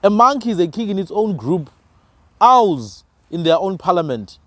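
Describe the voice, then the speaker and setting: Lively, emphatic man. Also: sits high, moderate pace, no echo. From South Africa. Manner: emphatic, preachy, rhetorical questions. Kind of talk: passionate conversational argument.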